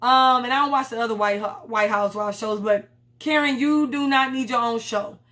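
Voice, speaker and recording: A woman's voice: on the high side, normal speed, fairly bright tone. A young woman reviewing a reality TV episode in a blunt, profane, slangy casual chat. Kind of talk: casual commentary vlog.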